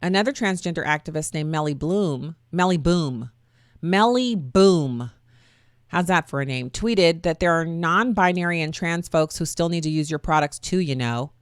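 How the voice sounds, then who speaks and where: Lady talk radio host, sassy and chatty, lowish voice, dry studio sound. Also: a little fast, few pauses, clean tone, no room sound. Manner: chatty, sarcastic, folksy asides. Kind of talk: opinionated talk radio monologue.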